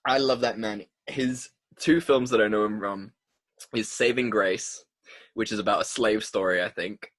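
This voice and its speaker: A young man co-hosting a casual movie podcast, excitable, swearing often and laughing a lot. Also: on the low side, moderate pace, no echo. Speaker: podcast co-host. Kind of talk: casual chat.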